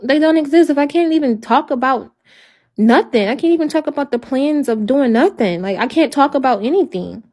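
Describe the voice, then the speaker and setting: A woman talks through her troubles on a livestream. Her speech comes in halting, repetitive bursts and carries a despairing note. The voice sits fairly high but sounds dark and mellow. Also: expressive. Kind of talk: emotional livestream talk.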